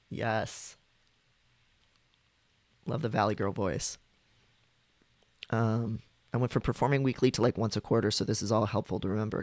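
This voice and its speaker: A man's voice: on the low side, vocal fry, no room sound. A man on a live stream, chatting casually and explaining voice technique, trying out different vocal registers.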